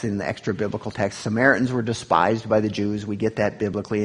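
A man teaching a sermon, reading scripture aloud with swelling emphasis and dropping low for asides. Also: slightly rough. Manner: rises in pitch and volume on quoted scripture, drops low on asides. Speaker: pastor teaching a Bible study.

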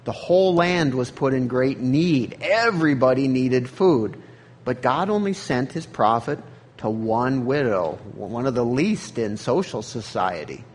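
A man's voice: mid-range voice, lively intonation, a little slow, slight background noise. A man preaching a sermon, reading scripture aloud and then explaining it in a conversational way. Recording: long hall reverb.

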